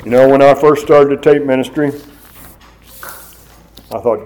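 An earnest male preacher delivers a sermon, driving points home by repeating them. His voice is warm and mellow. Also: medium pitch, a little slow, long pauses, low-quality recording. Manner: earnest, repeating phrases for emphasis. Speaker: chaplain preacher.

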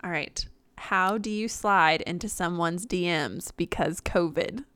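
A woman's voice: fairly low pitch, unhurried, a bit bright, clean tone, no room sound. Woman, podcast co-host, giggly, teasing, dry close sound. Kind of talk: casual chat.

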